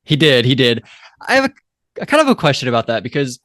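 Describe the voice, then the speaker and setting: A man's voice: medium pitch, very animated, brisk, fairly bright tone, no room sound, clean studio sound. A man co-hosting a casual film review podcast, joking and thinking aloud with hesitant fillers. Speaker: podcast co-host.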